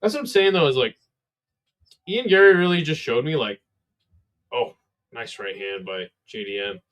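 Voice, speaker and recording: A man's voice: mid-range voice, expressive, moderate pace, a bit bright. A sleepy man calls a fight on a live stream in a casual, laid-back way and swears freely. His voice sits in a middling range and sounds worn out. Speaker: livestream fight commentator. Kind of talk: casual live play-by-play commentary.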